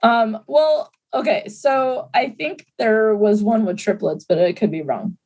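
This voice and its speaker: A woman's voice: fairly high pitch, measured pace, darkish tone, rough recording. A woman co-hosting a podcast in casual chat, playful and argumentative, laughing often. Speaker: podcast co-host.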